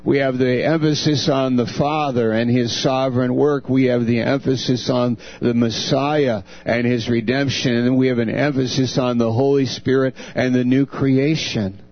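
A man's voice: steady tone, normal speed, few pauses, dry recording. A man preaching a sermon earnestly, voicing God's words with a lifted voice. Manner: earnest, dramatizes God's words with raised pitch. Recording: dull lo-fi recording with mains hum.

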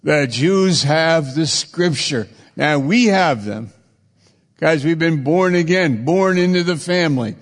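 A man's voice: on the high side, lively intonation, slow, in a large hall. A man preaching a sermon, with repetitive, emphatic phrasing.

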